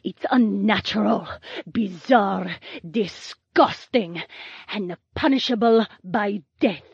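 A woman voicing a scornful captive woman who despises men, speaking slowly with contempt. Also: medium pitch, gravelly, slightly rough, dry recording, exaggerated voice. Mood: contemptuous. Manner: slow, contemptuous. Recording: dull lo-fi sound.

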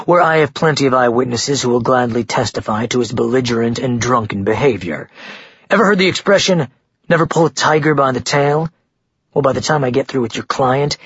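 A man's voice: mid-range voice, a bit bright, breathy edge, no echo, dull audio. A man voicing a cocky, relentless male lawyer who reels off charges smugly. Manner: smug, brisk and raised.

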